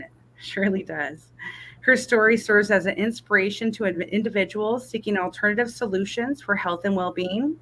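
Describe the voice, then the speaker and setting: A woman host reading a scripted introduction in a warm, enthusiastic way. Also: mid-range voice, a little hiss or hum.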